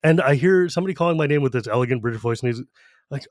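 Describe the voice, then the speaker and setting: A man's voice: mid-range voice, animated, a little mellow, no echo, clean studio sound. A man hosting a podcast, chatting casually and enthusiastically, with lots of "like" asides as he tells stories. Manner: enthusiastic, fast-talking, full of "like" asides. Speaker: podcast host.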